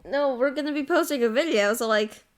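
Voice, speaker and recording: A woman's voice: high voice, fairly quick. A woman with an American accent in casual banter as a co-host, laughing often and swearing when she gets defensive.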